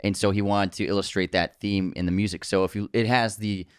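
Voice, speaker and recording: A man's voice: on the low side, fairly even intonation, brisk, clean tone, no room sound, studio quality. A man co-hosting a casual film podcast, adding side remarks and trivia. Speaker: podcast co-host.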